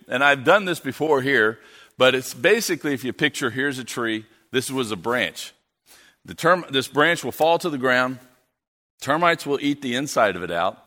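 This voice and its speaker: Middle-aged male missionary, bright forceful voice, playful church talk in a reverberant hall. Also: medium pitch. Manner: joking, playful with the audience. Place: church sanctuary. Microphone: handheld or stand mic.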